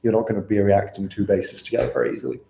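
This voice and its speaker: A man's voice: fairly low pitch, little pitch movement, racing, vocal fry, warm tone, reverberant. A young man tutoring students through an exam paper in a casual, chatty way, asking them questions as he goes. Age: young adult. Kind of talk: live online tutoring session.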